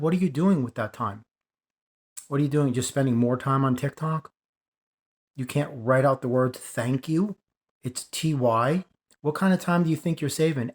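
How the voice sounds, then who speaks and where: Man, spiritual monologue, preachy, emphatic, repeats lines for force, mid-pitched voice. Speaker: spiritual video creator.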